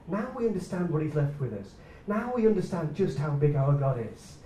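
A man preaching a sermon, swinging between loud excited bursts and quiet hushed lines. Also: a little high, brisk, recorded from a distance, a little hiss or hum. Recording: echoey room, speaker away from the mic.

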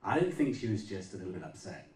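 A man preaches with a mellow, slightly low voice, pressing his points through emphatic repetition in a loose, conversational way. He is heard from some distance in a roomy, echoing space. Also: big pitch swings, quick pace. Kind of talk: sermon.

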